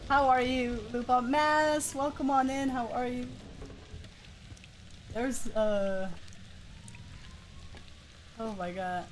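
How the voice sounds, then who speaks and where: A woman streaming a horror game, shouting and yelping at it, then talking with her viewers. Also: on the high side, fairly even intonation, slow pace, pauses often, a little hiss or hum. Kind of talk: live game commentary. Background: game music.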